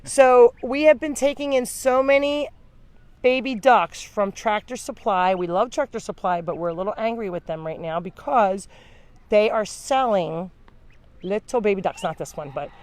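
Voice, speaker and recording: A woman's voice: mid-range voice, moderate pace, a little mellow. Chatty woman talking to rescue animals. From New Jersey. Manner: chatty, talks to the animals while explaining. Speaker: animal sanctuary founder hosting a live video. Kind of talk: casual live-stream chat. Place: animal sanctuary room.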